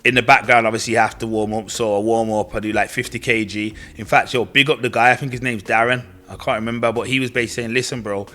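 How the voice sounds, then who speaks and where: A man's voice: mid-range voice, fairly even intonation, quick pace, hardly any pauses, sharp tone. A young man telling his own story in casual, slangy speech, acting out what others said to him. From Britain. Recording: faint music behind voice.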